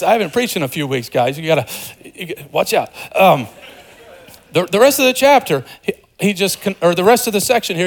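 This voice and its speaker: A pastor preaching a sermon in an animated, conversational way, joking with the congregation and dropping to a hushed voice for quieter passages. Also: male voice, high voice, creaky. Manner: animated, swings between loud emphasis and hushed, softer passages.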